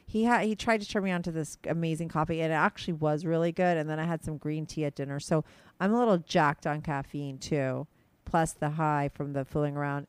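Woman podcast host, hyper and rambling, low-ish voice, dry sound. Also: fairly even intonation, clear, resonant tone, dry recording. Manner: fast, hyper, rambling talk. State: excited after a date. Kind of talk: casual chat.

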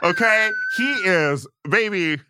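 A man hosting a podcast in casual, gossipy chat, sassy and quick with asides. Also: high voice, huge pitch swings, sharp tone, slight background noise. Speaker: podcast host.

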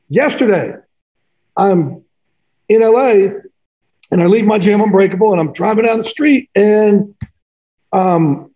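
A man's voice: sits high, dark tone, poor audio. A man, an author and athletic trainer, telling personal stories in an interview in an earnest, rambling, casual way. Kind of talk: candid personal storytelling in conversation.

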